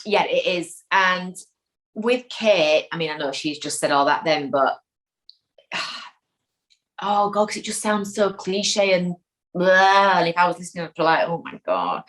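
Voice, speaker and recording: A woman's voice: on the low side, unhurried, rough recording. A woman, a guest in an interview, chatting casually and acting out quotes as she tells an anecdote. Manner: chatty, animated storyteller who acts out quotes. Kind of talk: casual chat.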